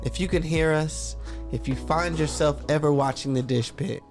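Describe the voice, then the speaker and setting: A man with a somewhat higher voice in a casual podcast chat, enthusiastic and punchy as he stacks up short repeated phrases. Faint music plays underneath. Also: normal speed.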